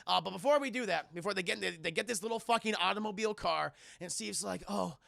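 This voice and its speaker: A man with a high-sitting, creaky voice talks fast in a clean studio recording with no room sound. He's doing a casual, foul-mouthed film review on livestream, excitable, often chatting with viewers and acting out characters in loud voices.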